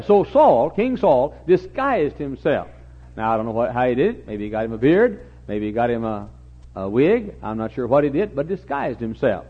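A man's voice: mid-range voice, sing-song, normal speed, husky. A man preaching a sermon as a folksy storyteller, with humorous asides and acted-out voices, in a dull lo-fi recording.

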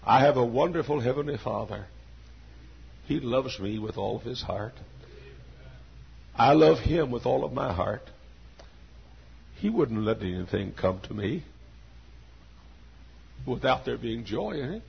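A man in his sixties preaching a sermon with an emphatic, repetitive cadence that swings from hushed to loud. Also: medium pitch, animated, measured pace, vocal fry, pauses often, lo-fi sound, slight background noise. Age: 60s. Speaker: pastor.

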